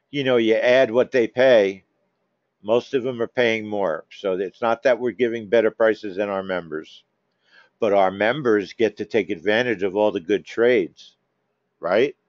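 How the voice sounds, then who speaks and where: A man's voice: lowish voice, no echo. A man hosting a live trading room, talking casually to members by name, coaxing and teasing them. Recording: dull, dry lo-fi stream audio.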